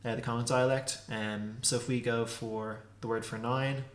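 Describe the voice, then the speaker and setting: A man's voice: mid-range voice, little pitch movement. Guy teaching pronunciation, says sounds again and again, roomy echo. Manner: repeats sounds slowly, demonstrating. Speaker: language teacher. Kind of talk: casual pronunciation lesson. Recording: echoey room.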